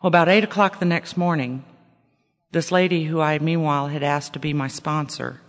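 A woman's voice: deep voice, steady tone, moderate pace. A middle-aged woman giving a candid, wry personal testimony at a recovery meeting, often repeating words for emphasis. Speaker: recovery speaker sharing her story. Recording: echoey hall with long reverb.

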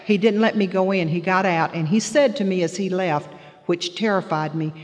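A middle-aged woman giving a heartfelt personal testimony to an audience, telling her story earnestly and growing soft and low in the painful moments. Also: moderate pace, big-room sound. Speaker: guest speaker sharing personal testimony.

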